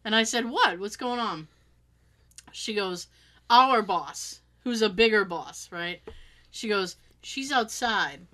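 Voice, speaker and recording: Bright-voiced woman telling a story. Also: medium pitch, slow pace. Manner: animated, swears freely, acts out quotes. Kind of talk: casual storytelling chat.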